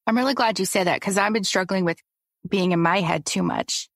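A woman's voice: medium pitch, fairly quick, vocal fry, fairly bright tone, no echo, clean studio sound. A woman who is a coaching client, speaking openly and self-reflectively, often laughing. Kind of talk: casual chat.

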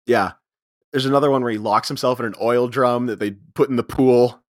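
A man co-hosting a casual film podcast, walking through scenes in order. His voice sits at an ordinary pitch and sounds close and dry. He slips into quick quoted lines and laughs along. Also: fairly even intonation, dry recording. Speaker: podcast co-host. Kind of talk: casual movie recap chat.

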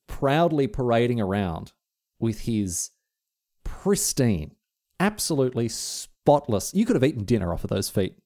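A man co-hosting a podcast, chatting casually and telling an animated anecdote. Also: medium pitch, unhurried. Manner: animated anecdote-telling, quotes friends in exaggerated voices. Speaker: podcast co-host. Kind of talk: casual chat, storytelling.

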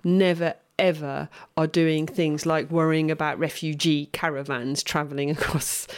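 A woman's voice: low-pitched, flat delivery, normal speed, smooth. A woman in casual conversation as a podcast co-host, talking earnestly and thinking aloud with frequent restarts.

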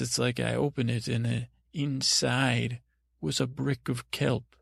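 A man tells a bedtime story with a gravelly, low-key voice, drifting and stopping to restart his sentences. The sound is dry and close, with no room around it. His delivery wanders on purpose, slow to settle on a point. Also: little pitch movement, a bit bright, no room sound. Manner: meandering and halting, full of restarts and fillers. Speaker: podcast host telling bedtime stories.

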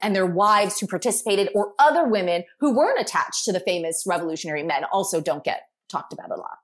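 A woman guest talking through a history topic on a podcast, explaining at length in a lively way with asides. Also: mid-range voice, quick pace.

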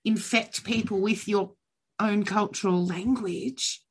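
A woman's voice: mid-range voice, fairly even intonation, measured pace, breathy edge. A woman hosting a podcast, asking questions and responding with curiosity in a conversational interview. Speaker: podcast host.

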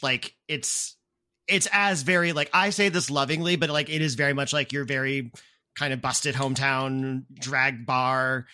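Chatty game master running a tabletop game, bright voice, lots of ums. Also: mid-range voice, steady tone, a little slow. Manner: chatty, many fillers, laughs along.

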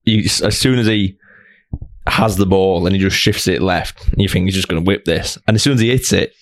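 A man's voice: sits low, fairly quick, dry recording. A man co-hosting a casual football podcast, talking in long rambling runs with many restarts. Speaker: podcast co-host.

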